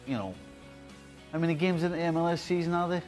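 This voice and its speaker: A man's voice: a little high, fairly even intonation, a little mellow, faint music behind. A man with a Glasgow accent, talking football as a pundit in a blunt, emphatic way. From west coast of Scotland. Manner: blunt, emphatic, quick to protest. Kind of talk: casual podcast chat.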